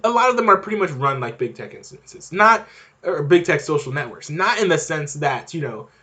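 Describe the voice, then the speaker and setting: Young male podcast host, rambling off-the-cuff monologue, animated and a bit high-voiced. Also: a little fast. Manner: rambling, frequent fillers and restarts, laughs while talking. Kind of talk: casual monologue.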